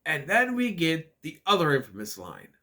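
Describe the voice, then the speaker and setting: A man's voice: fairly high pitch, huge pitch swings, normal speed, bright, forceful tone. A man casually recapping a bad movie with sarcastic asides, jumping into exaggerated voices for the characters' lines. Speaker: movie reviewer.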